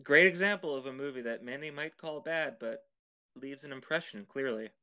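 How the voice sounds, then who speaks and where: A man's voice: medium pitch, moderate pace, pushed and bright. A man co-hosting a podcast in casual chat, joking at his own expense and laughing often. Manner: self-mocking, laughs often. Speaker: podcast co-host. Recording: dull lo-fi recording.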